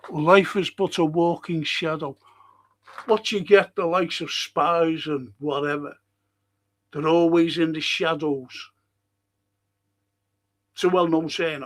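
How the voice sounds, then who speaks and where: A man hosting a talk show, giving an impassioned monologue and reciting verse with slow, emphatic delivery and dramatic pauses. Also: on the high side, steady tone, fairly bright tone. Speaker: radio show host.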